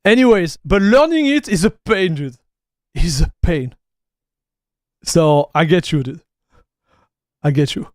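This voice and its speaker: Chatting casually with his stream, this French tech streamer speaks at a measured pace and pauses often, his voice high and light with a French accent. He's easygoing, says "dude" to everyone and reads chat messages out loud, all recorded close and dry without echo.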